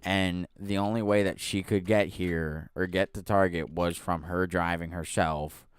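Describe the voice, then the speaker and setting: Smooth-voiced young man telling a work story. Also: low voice, a little slow, no room sound. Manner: animated, swearing, frequent restarts. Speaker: podcast host. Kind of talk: casual storytelling chat.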